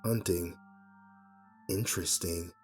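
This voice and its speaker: A man's voice: low voice, steady tone, slow, a little mellow, faint music behind. A man voicing a polite, well-dressed male stranger who asks oddly enthusiastic, probing questions. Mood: curious.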